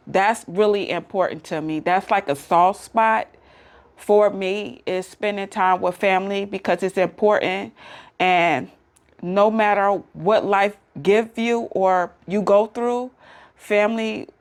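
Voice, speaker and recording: Woman vlogger, AAVE, casual to-camera chat, chatty and emotional, mid pitch. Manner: chatty, emotional, laughs easily.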